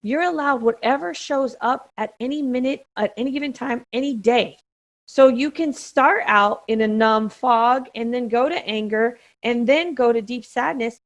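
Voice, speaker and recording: A middle-aged woman with a somewhat high voice talks earnestly as a podcast co-host. She is gently emphatic and leans on repeated phrases to drive her points home. The tone stays reflective and conversational. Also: normal speed. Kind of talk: reflective conversation about grief.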